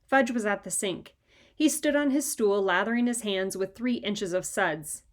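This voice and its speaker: A woman reading a children's chapter book aloud in a lively, expressive way. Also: mid-range voice, moderate pace. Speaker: reader. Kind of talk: storybook read-aloud.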